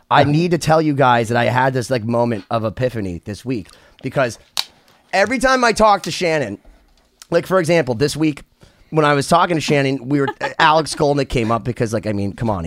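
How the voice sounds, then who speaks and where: A man's voice: mid-range voice, dry recording. A man hosting a podcast in casual chat, telling stories with jokes and plenty of swearing. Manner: animated storyteller, swears freely, jokey tangents. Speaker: podcast host.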